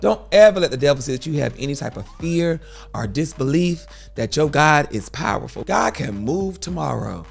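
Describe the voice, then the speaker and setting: A man's voice: fairly high pitch, gravelly, breathy edge. A man hosting a storytime advice show, speaking earnestly in a preachy, comforting way.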